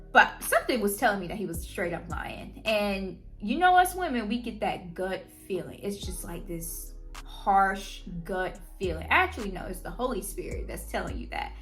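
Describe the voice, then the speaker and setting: A young adult woman telling a personal story on her channel, in a slangy, animated way. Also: mid-range voice. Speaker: vlogger. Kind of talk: casual storytime.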